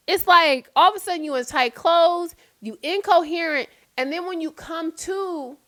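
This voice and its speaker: A woman's voice: very high-pitched, moderate pace, hardly any pauses, pushed and bright. A woman hosting a casual recap vlog, chatty and blunt, swearing freely and filling her talk with "like". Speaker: host recapping reality TV.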